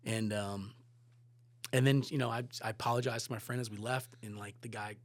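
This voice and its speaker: A man telling a story as a podcast guest, lively, swearing, moving from loud bursts to hushed asides. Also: fairly low pitch, brisk, no echo. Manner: animated, swearing, swings between loud and hushed. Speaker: guest photographer and director. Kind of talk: casual storytelling.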